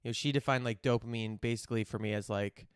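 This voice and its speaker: A man's voice: medium pitch, fairly even intonation, quick pace, smooth, no room sound, studio quality. A man hosting a podcast, chatting in a rambling, candid way and swearing casually. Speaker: podcast host. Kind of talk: casual chat.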